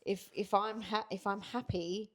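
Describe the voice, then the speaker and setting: A woman's voice: mid-range voice, steady tone, a little slow. A middle-aged woman co-hosting a casual couples podcast, talking frankly and reflectively with many fillers. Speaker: podcast co-host.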